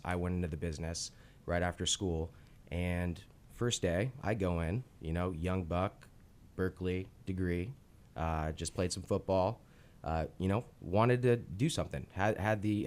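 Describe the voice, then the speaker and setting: A man in his thirties telling family business stories in a casual interview, acting out quoted lines. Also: low voice. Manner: animated storyteller, acts out quotes. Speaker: co-host and business founder.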